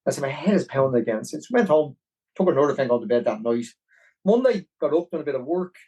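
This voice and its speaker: A man with a Dublin Irish accent, a podcast guest telling a long story in a rambling, animated way. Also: mid-range voice, fast, slightly rough, poor audio. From Ireland. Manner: animated, rambling, with many restarts. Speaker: podcast guest, marathon runner. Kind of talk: casual storytelling.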